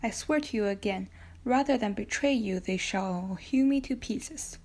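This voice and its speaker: A woman's voice: medium pitch, unhurried, a little mellow, close to an everyday voice. A woman reading the part of a young male prisoner, pleading fervently in an audiobook. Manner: fervent, imploring.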